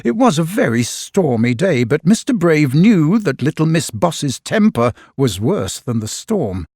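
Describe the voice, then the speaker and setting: Slow expressive man reading a storybook. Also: on the high side, no echo, clean studio sound. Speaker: narrator.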